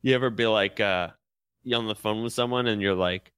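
A man's voice: fairly low pitch, a little fast, fairly bright tone, clean tone, no echo. A man co-hosting a podcast, chatting casually and telling rambling stories with frequent laughs. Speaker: podcast co-host. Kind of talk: casual chat.

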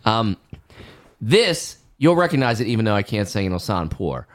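A man's voice: fairly low pitch, big pitch swings, moderate pace. A man co-hosting a podcast, chatting casually and circling back with questions. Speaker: podcast co-host. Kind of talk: casual chat.

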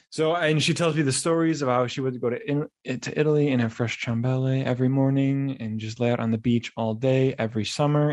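A young man hosting a podcast, telling casual stories in a rambling, animated way with frequent restarts. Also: medium pitch. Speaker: podcast host. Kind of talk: casual monologue.

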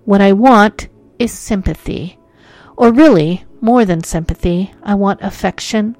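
A woman voicing a sad, lonely male ghost who speaks quietly and mournfully in an odd, faraway voice. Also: mid-range voice, unhurried, no room sound, soft background music, close to an everyday voice. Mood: sorrowful.

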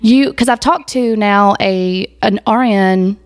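A woman hosting a casual podcast interview on a phone mic, chatty and quick to laugh, her voice a little worn from a recent illness. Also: mid-range voice, no room sound, clean studio sound. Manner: chatty, laughs often, says y'all. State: recovering voice after illness. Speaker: podcast host. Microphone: iPhone.

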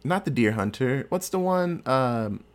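A man hosting a podcast goes through a movie's scenes in a casual recap, joking crudely and telling it in a loose, animated way. He has a medium pitch and a measured pace.

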